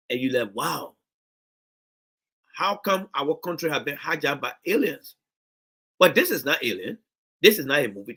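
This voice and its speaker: Husky Liberian man, impassioned commentary. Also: fairly high pitch, a bit bright. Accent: Liberian English. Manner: impassioned, repetitive restarts. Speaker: political commentator. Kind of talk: video commentary.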